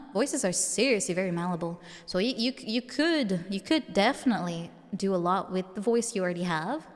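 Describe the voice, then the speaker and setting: A woman's voice: medium pitch, in a large hall. A woman streamer with a mature-sounding voice, chatting casually with viewers and giggling often.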